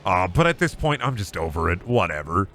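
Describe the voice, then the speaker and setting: Male streamer, casual gaming commentary, animated pitch, bright tone, salty language. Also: brisk, a little hiss or hum. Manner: rambling, swears freely, lively reactions.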